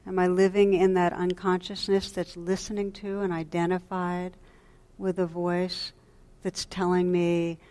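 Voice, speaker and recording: A woman with a somewhat low voice gives a dharma talk to a retreat audience. She speaks gently and reflectively, often sinking into a soft hush. She pauses and restarts her sentences as she thinks. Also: monotone. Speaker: meditation teacher.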